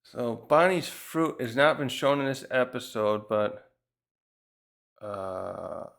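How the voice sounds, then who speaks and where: A man casually reviewing a manga chapter, thinking out loud and often restarting his sentences. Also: mid-range voice, lively intonation, slow, vocal fry.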